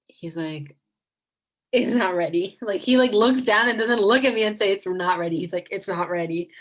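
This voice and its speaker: Speaking over a video call, a young vlogger spins a casual, meandering storytime full of giggles and repeated "like"s. Her voice is lowish and a bit bright, and the audio is low quality.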